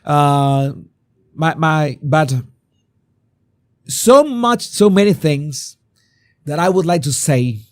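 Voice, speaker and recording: Hoarse man, slow and high. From Venezuela. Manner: animated, rhetorical questions, repeats words. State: hoarse, sore throat. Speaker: host. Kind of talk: live-stream commentary.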